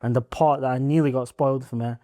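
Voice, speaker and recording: A man co-hosting a podcast in casual chat, animated and swearing often, laughing as he talks. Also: medium pitch, fast, no room sound, clean studio sound. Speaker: podcast co-host.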